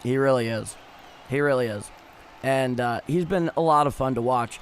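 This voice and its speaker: A man hosting a baseball livestream, talking in a measured way and reading out chat messages. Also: mid-range voice, slight background noise. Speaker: host of the livestream.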